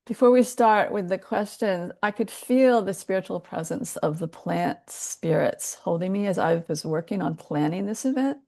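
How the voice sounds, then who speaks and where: Woman interviewer, earnest and heartfelt, gravelly tone. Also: fairly low pitch, expressive, normal speed, hardly any pauses, warm tone. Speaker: interview host. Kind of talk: interview questions.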